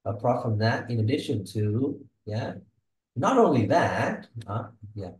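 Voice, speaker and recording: A man's voice: medium pitch, big pitch swings, unhurried, a little mellow. A man tutoring a student one-on-one on English speaking, giving pronunciation feedback and checking in often with "yeah?" and "okay?". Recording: echoey room.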